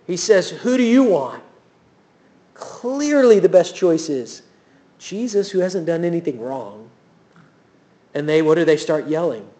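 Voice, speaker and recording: A man preaching a sermon in a church, telling the story with animated, acted-out quotes. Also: high voice. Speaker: pastor.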